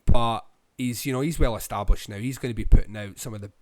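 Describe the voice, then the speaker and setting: A Scottish man co-hosting a podcast, giving a rambling film review full of ums and pauses. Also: medium pitch, a little mellow, no room sound. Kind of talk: casual film review chat.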